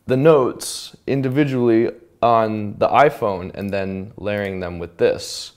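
A man explaining how he built a song in casual studio talk, animated and humming parts out loud to show them. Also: lowish voice, takes it slowly. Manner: animated, hums and vocalizes parts to demonstrate. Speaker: songwriter and producer. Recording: loud music playing under the voice.

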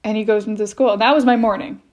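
A woman's voice: mid-range voice, steady tone, fast talker, a little mellow. A woman in her thirties, a mother, telling a personal story casually on a podcast, rambling with many restarts. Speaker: mother sharing experiences as podcast guest.

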